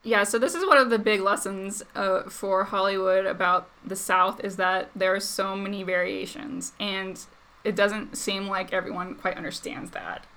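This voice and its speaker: A woman's voice: mid-range voice, fairly even intonation, normal speed, fairly bright tone. A woman speaking as a guest commentator in casual chat, chatty and full of fillers and laughs.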